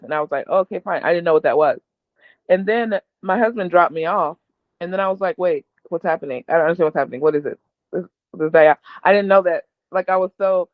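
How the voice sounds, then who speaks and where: A woman's voice: fairly low pitch, dry recording. Woman, candid storyteller, laughs often, tinny phone-like sound, dry. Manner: open and emotional, laughs often. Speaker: guest.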